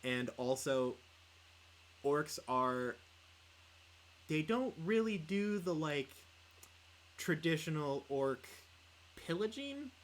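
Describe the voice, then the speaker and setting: A man's voice: fairly high pitch, sing-song, takes it slowly, pauses often, a little hiss or hum, rough recording. A young man chatting casually on a livestreamed podcast, rambling with lots of filler words. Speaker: podcast co-host and player.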